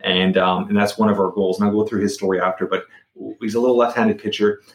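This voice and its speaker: A man's voice: on the low side, flat delivery, fast talker, roomy sound, a little hiss or hum. A middle-aged man telling a personal story as a podcast guest. He talks casually, repeats words and restarts sentences.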